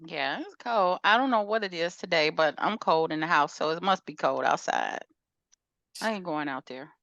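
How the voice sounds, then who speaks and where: A woman's voice: on the low side, expressive, normal speed, vocal fry, fairly bright tone, dry recording, dull audio. A woman co-hosting a podcast, chatting casually in a laid-back, slangy storytelling way. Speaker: podcast co-host. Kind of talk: casual chat.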